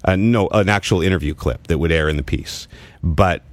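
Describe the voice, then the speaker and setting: Ottawa valley guy hosting a podcast, deep voice, dry close sound, laughs a lot. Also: normal speed, no room sound. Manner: storytelling, laughs often, acts out quotes. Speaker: podcast host. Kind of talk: casual podcast chat.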